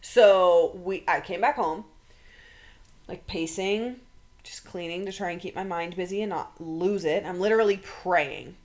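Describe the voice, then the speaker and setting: A young adult woman co-hosting a podcast, telling an emotional story casually, swearing freely and quoting people in quick bursts. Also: fairly low pitch, darkish tone. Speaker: podcast co-host.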